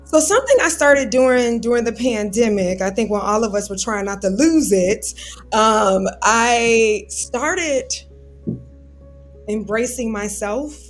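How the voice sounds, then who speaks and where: A woman's voice: a little high, slow, faint music behind. A woman guest on a podcast interview, talking earnestly and openly about how she copes, getting emotional as she recalls it. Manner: earnest, open, emotional when recalling self-soothing. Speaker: guest, civil rights attorney.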